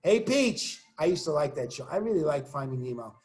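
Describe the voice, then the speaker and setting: A man teaching chemistry in a recorded online lesson. He walks through the examples with joking asides and keeps urging students to say the formulas out loud. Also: fairly high pitch, animated, fast talker, faint music behind. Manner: encouraging, coaching students to say formulas aloud.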